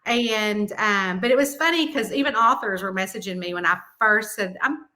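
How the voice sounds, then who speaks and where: A middle-aged woman with a Southern American accent, chatting lively as a guest author and laughing often. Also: medium pitch, moderate pace. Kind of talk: casual chat.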